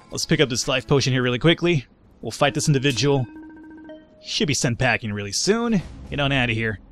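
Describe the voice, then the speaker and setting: Man, let's play commentary, middle pitch, frequent swearing, faint background music. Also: a bit bright. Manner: swears a lot, quick to frustration. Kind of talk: casual gameplay commentary.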